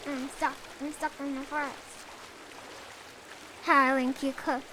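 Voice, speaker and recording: A woman's voice: high voice, little pitch movement, slow, background noise. A young woman streaming a game, chatting playfully and giggling between remarks. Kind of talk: casual gameplay commentary.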